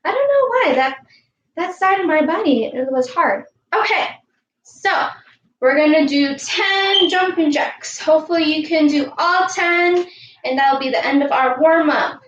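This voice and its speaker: A woman coaching young girls through an online warm-up and lesson, counting aloud in an upbeat way and calling herself by name in the third person. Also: sits high, unhurried, dull audio. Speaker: youth sports coach. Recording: echoey room.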